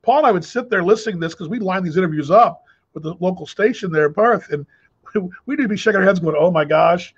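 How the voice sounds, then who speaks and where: A man's voice: sits high, expressive, fast talker, slightly rough, dull audio. A man hosting a casual video call chat, telling rambling stories full of restarts. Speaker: host.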